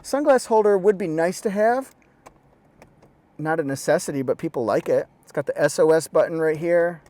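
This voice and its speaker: A man's voice: fairly high pitch, normal speed, darkish tone. A man giving a casual, jokey walkaround review from inside a parked car, talking into a lapel mic. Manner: chatty, quirky, jokey asides. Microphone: lapel mic pack.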